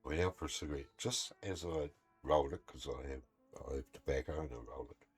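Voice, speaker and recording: A man's voice: very deep voice, fairly quick, husky, faint music behind. A man, a gaming streamer casually telling a story in a blunt, swearing, heated way. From New Zealand.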